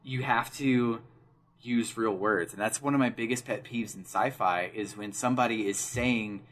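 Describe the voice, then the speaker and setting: A man's voice: lowish voice, moderate pace, a bit bright. A man co-hosting a game book-club podcast, casually ranting about his pet peeves, full of fillers. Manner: ranting, opinionated, filler-heavy. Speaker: podcast co-host. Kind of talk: casual chat.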